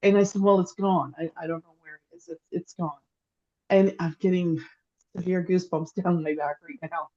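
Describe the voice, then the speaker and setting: A woman with a somewhat low, mellow voice tells a long personal story in casual chat. She rambles and restarts, her feeling building as she goes. Her remote call mic sounds a little dull. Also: fairly even intonation, normal speed. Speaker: psychic, podcast co-host. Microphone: remote call microphone.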